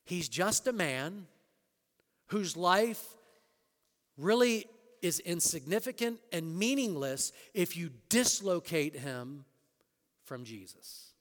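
A man preaching a sermon as pastor, rising to emphatic scripture quotes and dropping to quiet asides. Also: high-pitched, lively intonation, takes it slowly, long pauses, big-room sound.

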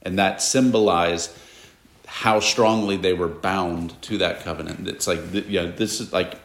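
A man teaches a Bible lesson to a class, explaining as he goes and stopping to put questions to the students. His voice sits low with a gravelly edge. The sound carries the echo of a classroom. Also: steady tone, moderate pace, a little hiss or hum. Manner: explanatory, asks the class questions, casual asides. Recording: echoey room.

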